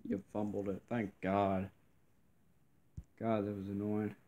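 Man narrating his own gameplay at a slow, low drawl, muttering irritated complaints and mild curses. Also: level tone, mellow, dull audio. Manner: grumbling, frustrated complaining with mild cursing. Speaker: gameplay commentator. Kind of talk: live gameplay commentary.

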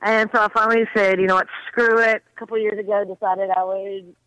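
A woman's voice: medium pitch, level tone, brisk, fairly bright tone, dry recording, rough recording. A woman from Georgia, a band booking agent, chatting as a guest over the phone on a radio show and laughing often. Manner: friendly and giggly, laughs often. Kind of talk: casual phone interview.

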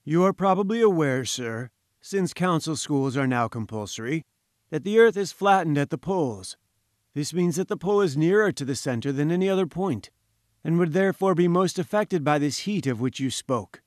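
A haughty scientist , put on by a male audiobook reader, holds forth with grand, patronizing certainty. The voice sits a touch high and the sound is dry and close, as if spoken right into the mic. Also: animated, moderate pace, a little mellow, dry recording, natural voice. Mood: pompous, lecturing. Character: pompous, condescending male professor-scientist. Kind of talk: audiobook character voice.

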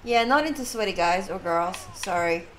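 A woman's voice: mid-range voice, animated, moderate pace, a bit bright, a little hiss or hum. Woman host of a gaming channel; chatty, giggly gameplay commentary. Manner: giggly, chatty, reacting with bursts of laughter. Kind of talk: casual let's-play commentary.

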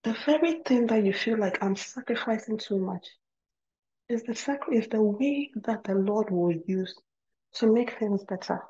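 A middle-aged woman speaks to other wives in an earnest testimony, circling back over her words for emphasis. Her voice is mellow and soft-edged. The recording sounds slightly dull and muffled. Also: fairly high pitch, moderate pace. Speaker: guest speaker at a women's ministry program. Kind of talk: testimony and Christian teaching.

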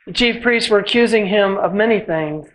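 At a church service, a scripture reader delivers a Passion narrative in a measured, solemn manner, slowing down as each phrase ends. The voice sits in a middle pitch range, and the recording quality is low.

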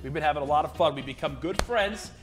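A man livestreaming a game, chatting and joking with a young teammate, getting loud and excited in fights. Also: on the high side, quick pace, over music. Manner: excitable, jokey, shouts during fights. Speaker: streamer. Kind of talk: casual gaming livestream chat.

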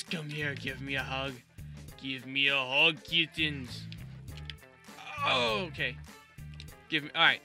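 Excitable bright-voiced gaming commentator. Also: male voice, mid-range voice, slow pace, vocal fry, pauses often, soft background music. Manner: excitable, joking and animated. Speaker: gaming YouTuber. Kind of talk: let's play commentary.

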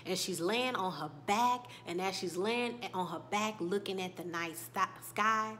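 A woman hosting a casual show recap, telling it in an animated way that swings from loud bursts to hushed whispers and reacts emotionally. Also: mid-range voice, measured pace, slight background noise. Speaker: YouTube TV recap host.

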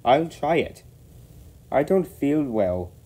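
A man's voice: mid-range voice, animated, moderate pace, dark tone, voice pushed up, natural voice. A man voicing a lazy, grumbling male tank engine who whines and makes excuses. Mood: scheming. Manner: whiny, sheepish.

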